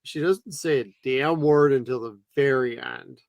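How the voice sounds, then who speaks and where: A man's voice: medium pitch, unhurried, vocal fry, no echo. Giggly, crude man with a dry close sound. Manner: crude, giggly, acts out characters' lines. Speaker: podcast co-host. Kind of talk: casual movie review chat.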